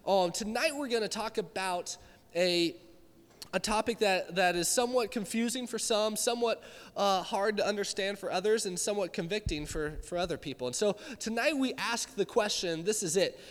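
A man's voice: high voice, expressive, a little fast. A young man giving a youth sermon, telling stories animatedly and acting out his own reactions. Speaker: youth pastor. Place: church hall with live audience. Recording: reverberant hall.

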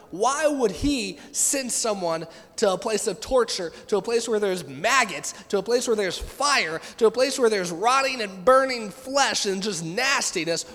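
A youth pastor preaching a sermon in an animated way, acting out the voices of people he quotes. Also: high-pitched, in a large hall.

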